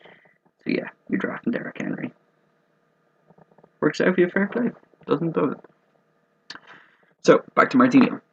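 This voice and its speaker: A man's voice: high-pitched, animated, normal speed, long pauses, slight background noise. A man hosting casual fantasy football commentary in a joking, rambling and profane way. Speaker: host of a fantasy football mock draft video. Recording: dull lo-fi recording.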